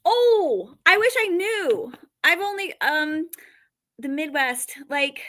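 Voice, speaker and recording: A woman in her forties from Western New York, a comedian guest chatting animatedly on a talk show, quick to joke. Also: high voice, sing-song, fairly bright tone. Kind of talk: casual interview chat.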